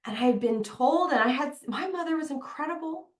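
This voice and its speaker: A woman's voice: high voice, lively intonation, brisk. A young woman talking candidly to other mothers in a motivational talk, chatty and emphatic, often saying "like". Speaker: mom coach, podcast host. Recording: echoey room.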